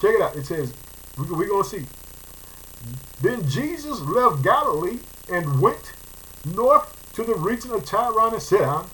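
Fervent high-voiced bright male preacher. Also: sing-song, unhurried, poor audio. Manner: fervent, repeats phrases, calls listeners family. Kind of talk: sermon reading and preaching.

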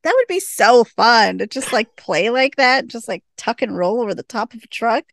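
A woman's voice: a little high, expressive, moderate pace, creaky, no room sound, studio quality. A woman hosting a podcast, casually recapping a TV episode, laughing often and acting out the lines. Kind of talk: casual chat.

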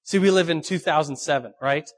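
A young man preaches a lively, joking sermon, asking his listeners questions as he goes. His voice sits a little high for a man. At times he sounds a bit off the mic. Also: fairly quick. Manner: lively, joking, talks to the audience directly. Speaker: pastor. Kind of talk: youth sermon.

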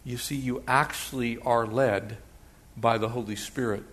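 A pastor preaching a sermon in an animated way, slipping into quoted voices and playful asides. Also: male voice, mid-range voice, unhurried.

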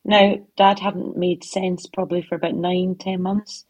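Middle-aged woman, husky, lowish voice, heartfelt storytelling, home office. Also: little pitch movement, unhurried, no echo. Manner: heartfelt storytelling with soft asides. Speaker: author guest. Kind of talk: conversational interview answers.

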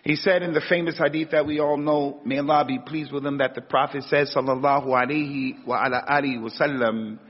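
A man's voice: mid-range voice, fairly even intonation, a little fast, hardly any pauses, breathy edge. An American man teaching an Islamic lecture, emphatic, repeating key words and rising sharply on rhetorical questions. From United States. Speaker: religious teacher. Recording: dull, echoey hall recording.

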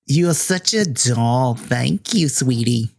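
A game master voicing a sweet elderly woman receptionist at a morgue who dotes on visitors and calls everyone sweetie. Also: medium pitch.

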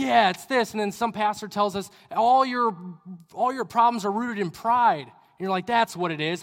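A young adult man giving a conversational sermon as a youth pastor, acting out people's inner questions and dropping to quiet asides. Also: high voice. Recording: long hall reverb.

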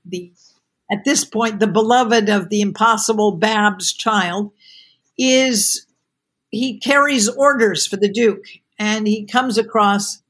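Woman host, husky voice, expressive novel reading, casual asides. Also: mid-range voice. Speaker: podcast host. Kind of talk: reading aloud from a novel with commentary.

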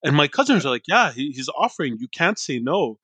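His voice sits a little high and sounds husky, and he talks fairly quickly; the recording has no room sound. Co-hosting a podcast, this man from an Iraqi family raised abroad tells a story in casual chat, animatedly imitating the people involved.

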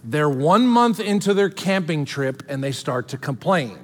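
Animated pastor preaching in a reverberant hall. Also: male voice, a little high, a little slow, hardly any pauses. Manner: animated, conversational, jumps between scripture reading and joking asides. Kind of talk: sermon.

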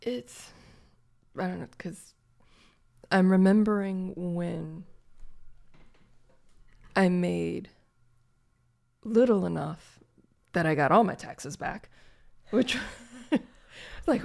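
A woman co-hosting a casual chat, reflective and unhurried, pausing with fillers as she thinks. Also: on the low side, vocal fry, darkish tone.

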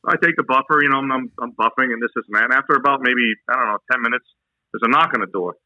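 A man's voice: mid-range voice, racing, pushed and bright, no room sound, muffled recording. A man from New Hampshire telling an army story in a casual, rambling, profane way. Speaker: army veteran guest.

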